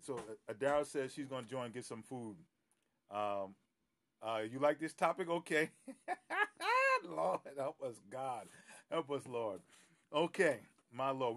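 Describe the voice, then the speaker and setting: A man's voice: mid-range voice, normal speed. Chatty pastor greeting his live-stream viewers. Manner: chatty, greets viewers by name, many fillers and laughs. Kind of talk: casual live-stream chat before a Bible teaching. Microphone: phone live stream.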